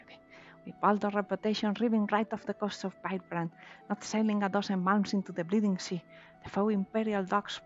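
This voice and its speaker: A woman voicing a brash, foul-mouthed female pirate captain from a video game, with a gruff put-on pirate accent and rolled R's. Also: medium pitch, lo-fi sound, lightly acted. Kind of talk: reading game dialogue aloud in voices.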